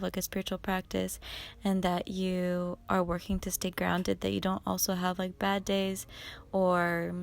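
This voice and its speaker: A woman's voice: fairly low pitch, creaky. A young woman chatting to camera in a casual vlog, rambling with lots of "like" and "you know.". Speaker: vlogger. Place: outdoors in a city. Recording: voice a little off-mic, faint street noise.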